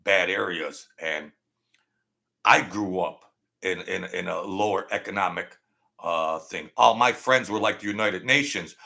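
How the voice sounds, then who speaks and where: Male live-show host, rambling storyteller, gravelly voice. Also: on the low side, pushed and bright. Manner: rambling, repetitive, thanks viewers by name. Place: small home studio setup.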